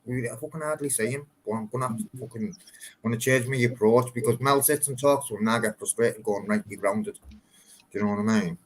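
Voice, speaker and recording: A man's voice: mid-range voice, fast. A man, bluntly and animatedly telling stories in a casual chat, swearing often.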